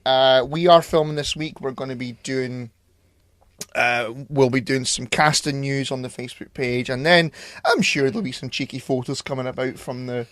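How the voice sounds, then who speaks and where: A man's voice: mid-range voice, normal speed, a bit bright, no room sound. Blunt, sweary male podcast co-host. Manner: blunt, sardonic, swears freely. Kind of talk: casual banter.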